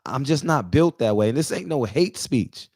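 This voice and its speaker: Emotional to the point of near tears, a man in his forties, a barbershop talk show regular, gives a preachy, emphatic casual monologue full of repetition for emphasis. His medium-pitched, darkish voice is lively at a moderate pace, and the studio-quality recording is dry.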